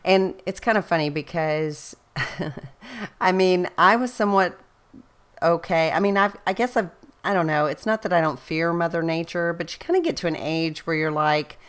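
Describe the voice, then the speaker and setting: Low-voiced chatty woman. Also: normal speed, smooth. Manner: rambling, chatty storyteller who laughs often. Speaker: scrapbooking vlogger. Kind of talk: casual chat.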